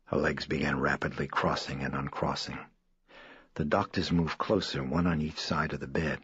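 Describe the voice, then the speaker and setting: Super deep guy narrating a horror audiobook, husky voice, kinda muffled. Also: fairly even intonation, moderate pace, fairly bright tone, dry recording. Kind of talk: scripted narration. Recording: dull dry studio read.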